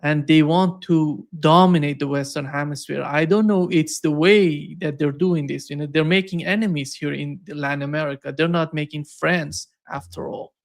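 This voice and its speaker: Gravelly-voiced male interview host. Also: on the high side, fairly even intonation, normal speed, hardly any pauses. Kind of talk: interview questions.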